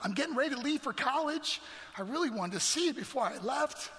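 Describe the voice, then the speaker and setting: A man voicing his affectionate teenage sister as she pleads softly in a slightly raised voice. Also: very high voice, lively intonation, brisk, big-room sound, pitched above the performer's own voice, exaggerated voice. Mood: pleading.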